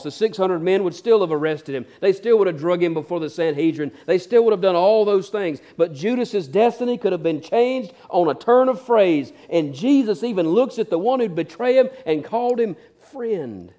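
Preacher man swinging loud to hushed. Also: sits high, animated, moderate pace, few pauses. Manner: swings from loud emphatic peaks to hushed near-whispers. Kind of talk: sermon.

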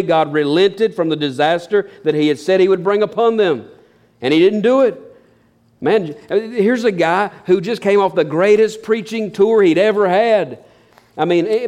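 Animated preacher with folksy humor. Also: male voice, high voice. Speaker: pastor. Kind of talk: sermon.

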